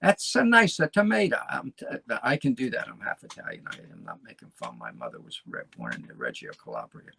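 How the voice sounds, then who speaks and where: A man's voice: rumbling low, wildly swooping pitch, fairly quick, creaky, few pauses, pushed and bright, breathy edge, no room sound. A man from the United States hosting his podcast in a casual, rambling monologue, restarting phrases and chatting to his listeners. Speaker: podcast host.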